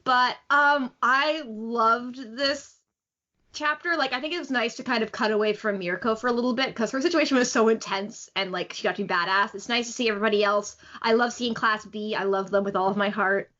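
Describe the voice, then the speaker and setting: Sex: woman. Role: podcast co-host. Style: casual, enthusiastic fan chat. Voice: fairly high. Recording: dull, lo-fi. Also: a little fast, sharp tone. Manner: enthusiastic, rambling with many fillers. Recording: dull lo-fi audio.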